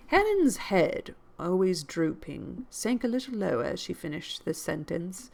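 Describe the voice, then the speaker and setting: A woman's voice: fairly low pitch, very animated, measured pace, gravelly, few pauses, a little mellow. A woman reading a classic novel aloud as a podcast host, with chatty, amused asides. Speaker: book reader and podcast host. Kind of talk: reading aloud and casual chat.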